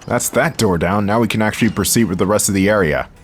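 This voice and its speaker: A man's voice: on the low side, fast, a little hiss or hum. A young man giving wry, laid-back commentary while playing a game, talking straight to his viewers. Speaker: gaming channel host. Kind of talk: casual let's-play commentary.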